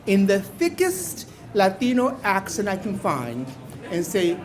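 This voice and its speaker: An older man from Mexico spins a playful, wry stage story in an unusually high voice for a man. He takes his time, letting each line land slowly, then now and then bursts into a loud exclamation. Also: wildly swooping pitch. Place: small bar venue before a live audience.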